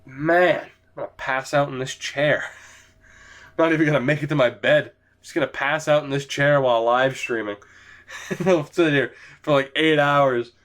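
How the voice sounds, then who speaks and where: Brief: tired male gamer, higher voice, loose profane commentary. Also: steady tone, moderate pace, a bit bright. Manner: rambling, swears casually. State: sleepy, yawning. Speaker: gaming commentator. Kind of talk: casual let's-play commentary. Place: home gaming setup, in a chair.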